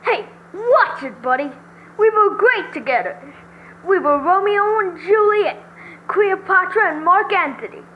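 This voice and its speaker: A woman voicing an excitable, heartbroken young man, reading game dialogue aloud with shrill, loud outbursts. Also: measured pace, muffled recording, slight background noise. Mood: indignant.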